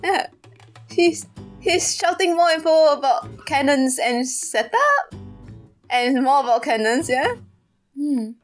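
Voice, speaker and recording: A woman's voice: sits high, expressive, takes it slowly, long pauses, soft background music. A woman casually commentating a game she plays, giggling often and musing aloud as she reacts. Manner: puzzled, musing asides. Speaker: let's play commentator.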